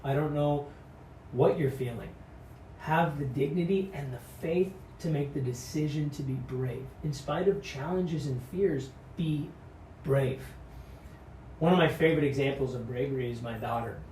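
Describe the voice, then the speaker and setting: A man's voice: on the high side, normal speed, darkish tone, a little hiss or hum. Earnest man preaching in an echoey room. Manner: earnest, exhorting, repeats key phrases. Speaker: pastor. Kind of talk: devotional sermon. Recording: echoey room, mic at a distance.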